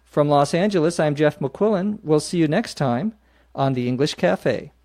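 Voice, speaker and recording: With a fairly high, expressive voice at normal speed, a man runs an English-learning podcast. His teaching is slow and explanatory as he patiently goes through phrases and spells out each word letter by letter.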